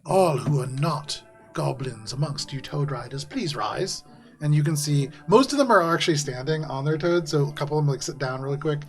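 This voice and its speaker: A man's voice: a little high, normal speed, soft background music. A man running a live tabletop game as dungeon master, narrating in a loose, laughing style full of fillers. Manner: lively, laughing, many fillers like "like".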